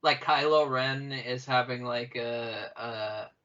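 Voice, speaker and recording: A podcast co-host with a medium-pitched, sharp voice speaks slowly as he riffs and rambles, swearing often and slipping into silly voices. The recording has a dull, lo-fi sound.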